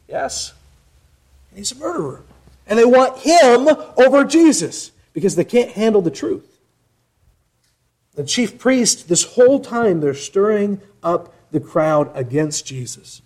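A man preaching a sermon, asking rhetorical questions and swinging between loud emphatic passages and quiet ones. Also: fairly high pitch. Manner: rhetorical questions, rising for emphasis then dropping soft.

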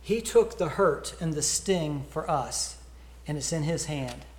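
A man's voice: on the high side, expressive, unhurried, a little mellow, roomy sound. A man giving an earnest sermon invitation, repeating words as he tells a story. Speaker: preacher. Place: church.

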